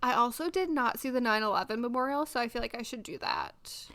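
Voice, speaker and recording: Woman podcast cohost, casual chatter, lots of likes and ums, voice on the higher side. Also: expressive, a little fast, a bit bright. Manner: chatty, heavy use of filler words. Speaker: podcast co-host. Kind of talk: casual chat.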